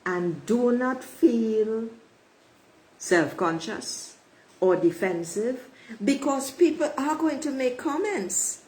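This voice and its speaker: Slow, emphatic woman reading oracle cards. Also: fairly high pitch, animated, darkish tone, rough recording. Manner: emphatic, repeats affirmations, addresses listeners as beautiful souls. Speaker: oracle card reader. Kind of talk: spiritual card reading to viewers.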